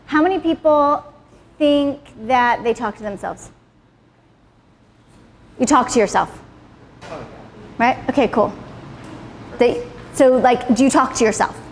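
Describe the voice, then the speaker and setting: Speaking slowly and pausing often, a high-pitched woman leads a live motivational class before an audience in a salon room. The recording has a big-room sound with a little hiss or hum, and her casual, blunt, profane talk keeps circling back to "right?"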